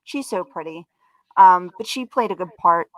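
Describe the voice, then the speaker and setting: A woman co-hosting a live talk show, chatting in an animated, casual way and swearing and laughing easily. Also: lowish voice, normal speed, no room sound. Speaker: co-host. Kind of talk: casual chat.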